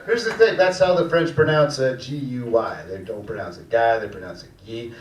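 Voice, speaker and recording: A man performing a slow, deadpan stand-up set in a small cafe room. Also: medium pitch, distant mic, slight background noise. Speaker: stand-up comedian. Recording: echoey room, mic heard from afar.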